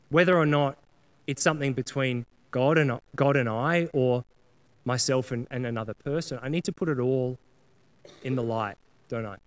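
Earnest man preaching a conversational sermon. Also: mid-range voice. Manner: conversational, earnest, acts out quoted prayers. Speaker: pastor.

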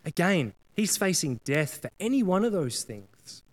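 A man's voice: high-pitched, big pitch swings, unhurried. A man preaching a sermon in a casual, earnest way, often acting out prayers and apologies in quoted voices. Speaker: pastor.

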